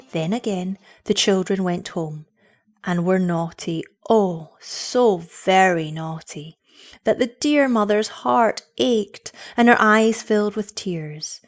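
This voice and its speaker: A woman giving an expressive scripted story narration. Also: mid-range voice, slow, soft background music.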